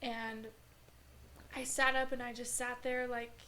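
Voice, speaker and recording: A woman with a slightly high voice tells her story in an earnest, halting way and leans on fillers as she goes. A faint hiss of room noise sits under the recording. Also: little pitch movement, pushed and bright. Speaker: podcast guest. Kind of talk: emotional personal storytelling.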